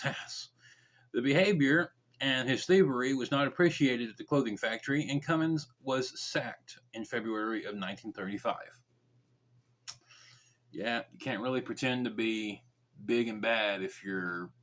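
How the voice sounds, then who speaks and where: A man's voice: medium pitch, a bit bright. Man reading a true crime case, joking asides. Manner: reads facts briskly, then drops into mumbled, joking side comments. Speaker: true crime podcast host.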